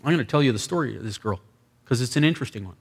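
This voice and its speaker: A man who is a pastor telling a deliverance-prayer story in a sermon, acting out the dialogue with lively asides. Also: medium pitch, very fast, vocal fry, husky.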